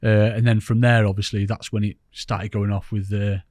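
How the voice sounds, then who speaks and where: Chatty rambling English angler, dry room sound. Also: male voice, lowish voice, little pitch movement, fairly quick, a little mellow, no room sound. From England. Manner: chatty, rambling, self-mocking. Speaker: podcast guest, angler. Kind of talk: casual storytelling interview.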